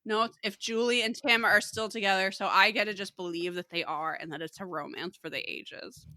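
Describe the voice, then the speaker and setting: A woman's voice: medium pitch, fairly even intonation, brisk, bright, forceful tone, no echo. A woman co-hosting a podcast, chatting casually and laughing often as she recaps a TV episode. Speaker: podcast co-host.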